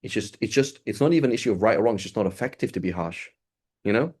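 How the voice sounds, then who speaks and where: A man's voice: lowish voice, husky. A man teaching a religious lesson in a casual, conversational way, acting out little dialogues as he goes. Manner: animated, acts out dialogue in quick asides. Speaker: Islamic teacher.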